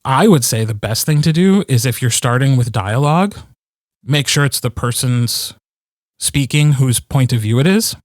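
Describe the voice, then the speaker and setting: A man's voice: mid-range voice, normal speed, dry recording. Guy chatting on a podcast, dry close sound, lots of ums and likes. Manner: animated, many fillers and restarts. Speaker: audiobook narrator, co-host. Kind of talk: casual podcast chat.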